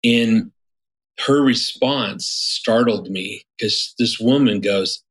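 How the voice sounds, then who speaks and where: Low-voiced man telling a rambling story. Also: slow, a bit bright, breathy edge, poor audio. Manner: rambling, many restarts and fillers. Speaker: guest marriage therapist. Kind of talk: casual interview storytelling.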